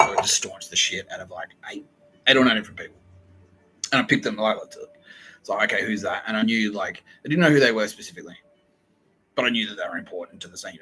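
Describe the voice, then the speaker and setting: A man's voice: lowish voice, bright, forceful tone, poor audio. A man hosting a podcast, telling a wild story in a rambling, profane comic monologue with frequent laughter. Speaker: podcast host.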